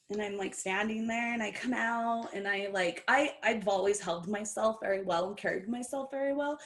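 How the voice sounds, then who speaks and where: A woman's voice: mid-range voice, moderate pace, hardly any pauses. A woman from Brazil, a professional wrestler and podcast guest, telling stories in casual talk and acting out what people said. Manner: animated, acts out quoted dialogue. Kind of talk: casual storytelling interview.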